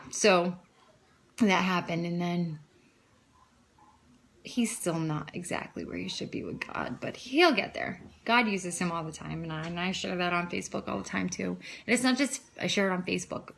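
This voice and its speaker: A woman's voice: fairly low pitch, gravelly, a bit bright. A woman talking casually into the camera, telling an emotional, rambling story of her faith, often quoting herself and others. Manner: emotional, rambling, frequent "I'm like" quotes. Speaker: vlogger sharing testimony. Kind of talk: casual personal testimony.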